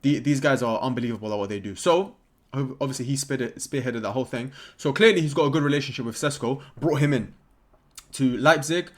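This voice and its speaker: A young man rants through a casual football vlog, excitable and jokey. His voice sits at a middling pitch, and he swings between loud, eager bursts and low, muttered asides to himself. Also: fairly quick. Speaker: football content creator.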